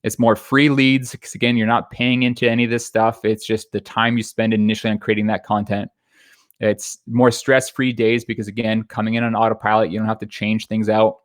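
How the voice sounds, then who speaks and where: Low, flat-voiced man coaching. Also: no echo, clean studio sound. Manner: quick, conversational, frequent fillers and restarts. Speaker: photography business coach. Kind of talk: webinar presentation.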